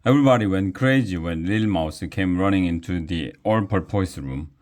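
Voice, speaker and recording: Deep-voiced man reading a kids' story. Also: normal speed, darkish tone. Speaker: reader of a children's book. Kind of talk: reading a children's story aloud.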